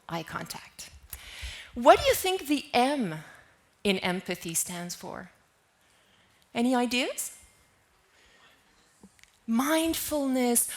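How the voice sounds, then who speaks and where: A woman's voice: on the high side, fairly bright tone. A woman giving a conference keynote talk in a lecture hall, often asking the audience questions. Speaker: keynote speaker.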